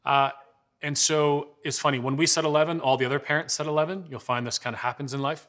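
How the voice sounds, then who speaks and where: A man in his forties with a bright, forceful, fairly high voice gives a talk with slides. He tells conversational stories and acts out the dialogue in them. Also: steady tone, fast. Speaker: parenting speaker. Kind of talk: presentation with slides.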